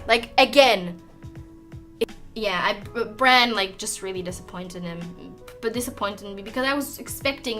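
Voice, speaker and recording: A woman's voice: medium pitch, sharp tone. A woman who speaks English as a second language, ranting in a frustrated, swearing way full of fillers and restarts. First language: not English. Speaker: vlogger. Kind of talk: ranting while doing makeup.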